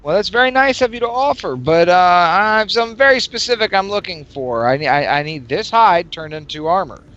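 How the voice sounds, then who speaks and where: Bright-voiced man playing his character. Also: sits high, expressive. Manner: polite, halting in character. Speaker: player. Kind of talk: in-character tabletop play. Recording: dull lo-fi sound.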